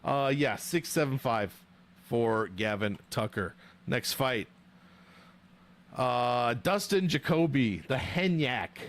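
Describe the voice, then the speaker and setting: A young man at a home streaming desk talks straight into his microphone, chatting loosely with his viewers. He jokes, swears freely and riffs in animated banter, his voice sitting at an ordinary mid pitch for a man. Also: slow pace. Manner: profane, joking, animated banter. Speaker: livestream host rating fighter nicknames. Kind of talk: casual livestream chat with viewers.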